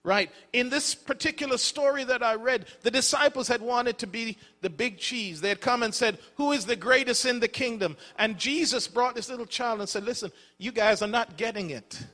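A man's voice: extremely high pitch, normal speed, hardly any pauses, bright, forceful tone, in a large hall. A middle-aged man preaching a sermon as pastor, telling folksy stories with casual asides. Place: church sanctuary.

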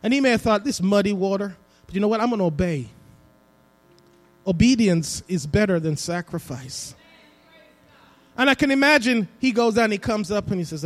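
A man preaching a sermon as pastor in a church, dropping to a hush and then rising to emphatic cries. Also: high-pitched, animated, moderate pace. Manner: preaching with swings between hushed and emphatic delivery. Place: church sanctuary.

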